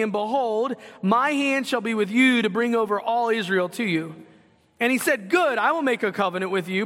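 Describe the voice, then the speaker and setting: Male preacher, high and bright, lively teaching sermon with questions. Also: long reverb tail. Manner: animated teaching with questions to the congregation. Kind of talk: expository sermon.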